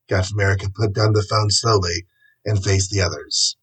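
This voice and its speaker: A man narrating a superhero storybook in a steady, plain reading voice. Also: deep voice, fairly quick, husky, poor audio.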